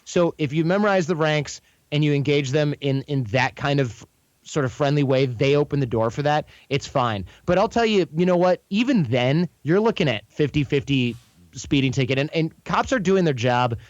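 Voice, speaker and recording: A man as a podcast guest, explaining casually in a quick, anecdotal way and often correcting himself mid-sentence. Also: on the high side, dry recording, dull audio. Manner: quick, chatty, anecdotal, frequent self-corrections. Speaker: podcast guest, charm coach.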